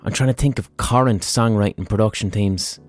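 A man's voice: lowish voice, moderate pace, soft background music. A man with an Irish accent hosting a casual history podcast, talking bluntly with swearing, ums and asides. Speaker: podcast host.

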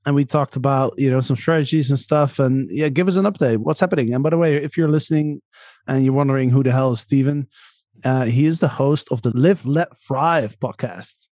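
A man hosting a podcast, reading a scripted intro and then chatting in an upbeat, energetic way with guests. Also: medium pitch, fairly quick, dry recording, studio quality. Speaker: podcast host. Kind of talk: casual interview, scripted intro.

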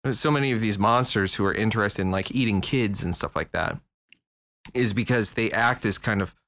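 A man's voice: lowish voice, normal speed, fairly bright tone, no room sound. A man co-hosting a casual talk show who thinks aloud and keeps saying "like" and "right?". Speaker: podcast co-host. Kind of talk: casual chat.

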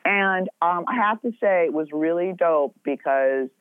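A woman's voice: on the low side, unhurried, clear, resonant tone, no echo. A middle-aged woman in casual podcast chat, talking bluntly with lots of swearing and rambling asides. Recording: tinny phone-like sound.

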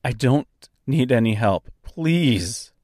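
A man's voice: medium pitch, lively intonation, takes it slowly, darkish tone, no room sound, studio quality. A man doing a wary, polite young girl. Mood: reluctant.

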